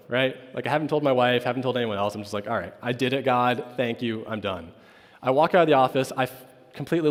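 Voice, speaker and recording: A man, a campus pastor, telling a personal story at chapel in a casual way, often asking "right?" and acting out what others said. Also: mid-range voice. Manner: storytelling with frequent "right?" asides; acts out quoted dialogue. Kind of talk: informal chapel talk. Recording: long hall reverb.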